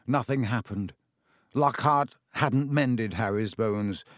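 A man reading a story aloud at a steady, measured pace, putting on voices for the dialogue. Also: mid-range voice, no echo, clean studio sound. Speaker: narrator. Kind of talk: audiobook reading.

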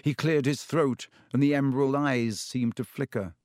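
Man reading a storybook, dry and measured. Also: medium pitch, fairly even intonation, darkish tone, no echo. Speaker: audiobook narrator. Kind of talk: scripted storybook narration.

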